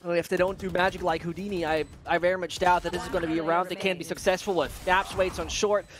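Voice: medium pitch, little pitch movement, fast talker, a little hiss or hum. Wordy, playful esports co-caster from Germany. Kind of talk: colour commentary.

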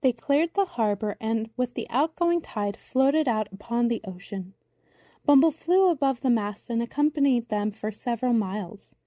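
A woman reading a children's storybook aloud in a gentle, measured narration. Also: a little high, expressive, no echo, clean studio sound.

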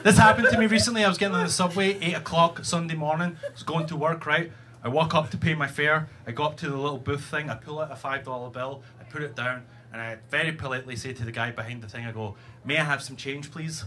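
A man with a Scottish accent doing a stand-up set on a comedy club stage, telling stories in a profane, animated way into a stage microphone. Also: fairly high pitch, fast, hardly any pauses. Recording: live comedy club, loud noise.

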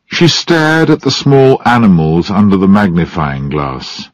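Male narrator for learners, deep with a lively melody, dry close sound. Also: dry recording. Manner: clear, deliberate phrasing. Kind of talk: slow storybook reading for learners.

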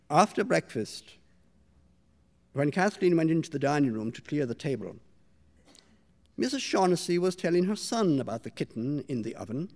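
Male author, measured literary reading voice, a touch high; stage reading. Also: very animated. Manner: measured, quiet storytelling. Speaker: author reading his own story. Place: stage before a live audience.

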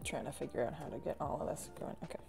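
A woman's voice: deep voice, quick pace, creaky, music in the background. A woman artist chatting casually and poking fun at herself while she draws on a live stream. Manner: chatty, self-mocking, with frequent laughs and sighs.

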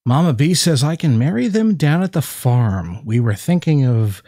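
A man's voice: mid-range voice, big pitch swings, normal speed, mellow, no room sound, studio quality. A man casually chatting and teasing on a live craft stream. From North Carolina, USA. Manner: joking, teasing. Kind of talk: casual chat.

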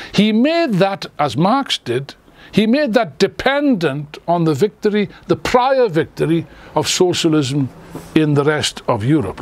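A man's voice: a little high, darkish tone. An older man giving a political lecture to an audience, emphatic, asking rhetorical questions and often restarting his sentences.

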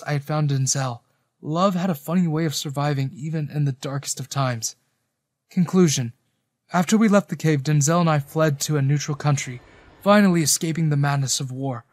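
A man's voice: fairly high pitch, no echo, clean studio sound. A man narrating a first-person romance story in an earnest, emotional manner.

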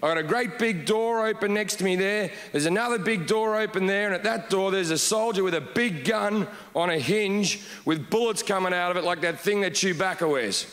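A man telling a stand-up story on stage, deadpan with sudden shouted outbursts. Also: sits high, a little fast, few pauses. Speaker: stand-up comedian. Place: large comedy hall with audience. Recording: reverberant hall, noisy crowd.

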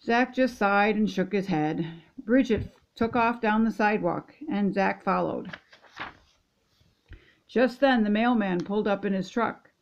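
An older woman, a grandmother reading a children's picture book aloud in gentle, steady storytelling. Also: mid-range voice, unhurried, muffled recording. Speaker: storybook reader.

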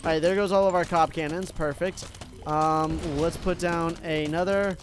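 A man's voice: fairly high pitch, steady tone, moderate pace, a little hiss or hum. A young man giving casual gameplay commentary, addressing his viewers as "guys" and swinging between hype and gloom. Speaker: gaming YouTuber.

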